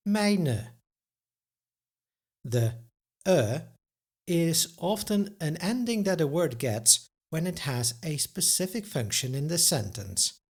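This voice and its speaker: A male language teacher, speaking very slowly in a slightly breathy voice. His pitch rises and falls a lot as he carefully enunciates each example word. He sounds like he is teaching a pronunciation lesson. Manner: carefully enunciates example words, then gives their translations.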